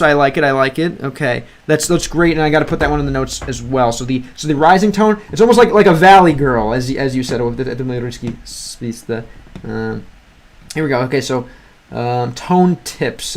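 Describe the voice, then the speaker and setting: Here a man with a somewhat high voice speaks at a moderate pace as a language-learning streamer. Chatting casually on his livestream, he reasons aloud, reads the chat, and keeps restarting sentences.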